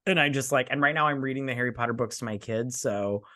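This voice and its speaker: A man co-hosting a casual movie podcast, laid-back and gushing, quick to laugh. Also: medium pitch, pushed and bright. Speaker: podcast co-host.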